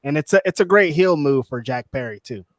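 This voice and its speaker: A man's voice: fairly high pitch, brisk, dry recording, studio quality. Rambling laid-back man co-host. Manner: relaxed, rambling, laughs easily. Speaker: podcast co-host. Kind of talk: casual wrestling chat.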